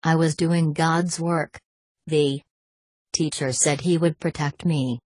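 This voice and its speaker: A devout male monk, wounded and bewildered, speaking with earnest pleading, as a woman reads him aloud. The voice is low and husky, recorded dry and close. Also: fairly even intonation, slow pace, darkish tone, no room sound, heavily acted.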